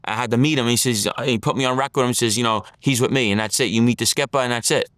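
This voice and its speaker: A man's voice: mid-range voice, fairly even intonation, quick pace, fairly bright tone, clean tone, no room sound, clean studio sound. Blunt New man telling a story. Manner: blunt street talk, acts out others' lines in his story. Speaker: interview guest. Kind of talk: storytelling in an interview.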